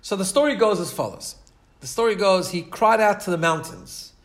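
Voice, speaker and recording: A Torah teacher preaches through a long, earnest story at a moderate pace, sounding animated and a bit bright. His voice runs slightly higher than usual for a man, with many restarts and repeated words.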